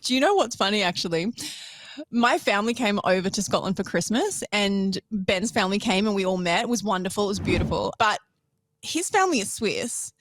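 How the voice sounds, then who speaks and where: A woman's voice: mid-range voice, animated, brisk. A woman co-hosting a podcast from a distance, teasing and telling stories in casual chat. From Australia. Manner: teasing, storytelling. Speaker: podcast co-host. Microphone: remote recording.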